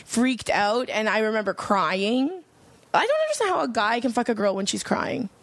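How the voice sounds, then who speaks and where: A woman's voice: a little high, big pitch swings, normal speed, dry recording. A young woman guest on a podcast, telling a personal story candidly in a rambling way with lots of fillers. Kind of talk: casual conversation.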